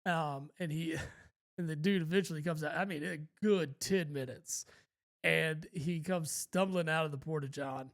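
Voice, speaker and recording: Podcast co-host, man, slightly higher voice, loose rambling storyteller who swears casually. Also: fairly even intonation, measured pace, gravelly. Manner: rambling, laid-back, swears freely.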